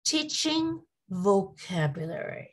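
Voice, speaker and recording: A woman giving a scripted English teaching presentation, modeling word and sentence stress with deliberate emphasis. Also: medium pitch, big pitch swings, slightly rough, poor audio.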